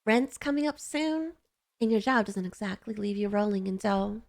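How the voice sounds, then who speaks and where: A woman's voice: expressive, normal speed, gravelly, darkish tone. A woman streamer reading a story game aloud and chatting to her viewers, gushing and emotional. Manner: emotional, gushing, high squeals when moved. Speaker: gaming streamer.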